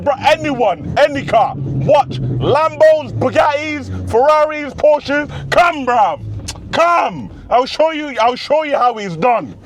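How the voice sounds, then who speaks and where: Hyped young man shouting in a car. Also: extremely high pitch. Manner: boastful, loud bursts of hype, street slang. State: losing his voice. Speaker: car vlogger. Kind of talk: excited in-car commentary. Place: inside a car on country roads. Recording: car noise behind the voice.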